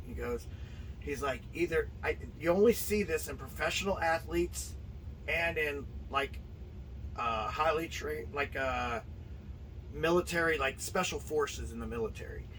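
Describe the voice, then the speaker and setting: Middle-aged male wrestler guest, lively storyteller, slightly high voice, off-mic with faint hiss. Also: a little slow. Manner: animated storyteller acting out dialogue. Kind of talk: storytelling interview. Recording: distant mic with faint noise.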